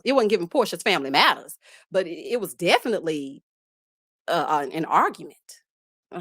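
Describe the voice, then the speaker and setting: Animated woman gossiping, lively high voice. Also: no echo, clean studio sound. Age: 30s. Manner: animated and laughing, Southern Black vernacular with child and honey. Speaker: host. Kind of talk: casual reality-TV recap and story time.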